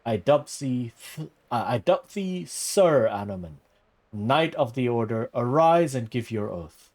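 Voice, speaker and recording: A man voicing a stately priest who presides over a knighting, speaking loud, slow and ceremonially. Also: mid-range voice, lively intonation.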